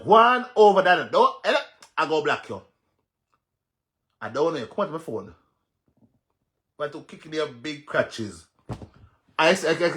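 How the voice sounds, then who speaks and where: A man with a Jamaican accent ranting on a livestream as a social media commentator, loud and mocking, laughing and cursing as he goes. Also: a little high. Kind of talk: livestream rant.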